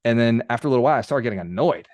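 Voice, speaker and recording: A business mentor talks rapid-fire in a mid-range voice during a live group coaching call, spinning casual stories, dropping the odd swear word and prompting listeners with repeated lines. His style is animated and conversational. The video call microphone gives studio-quality audio without room sound.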